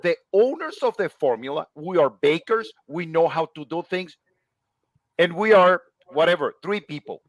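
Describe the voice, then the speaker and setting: Higher-voiced man, dry close sound. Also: expressive, moderate pace, no echo, dull audio. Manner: explains with rhetorical questions. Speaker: guest. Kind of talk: casual chat.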